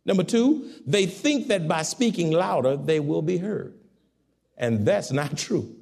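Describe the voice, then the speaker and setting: A man preaching a sermon, swinging from loud exhortation to soft, low asides. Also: expressive, a little slow, vocal fry, breathy edge.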